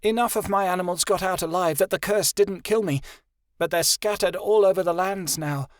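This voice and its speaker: A man voicing a fierce, sharp-tongued young fairy woman. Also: high-pitched, normal speed, no echo, clean studio sound, voice pushed up, close to an everyday voice. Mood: weary.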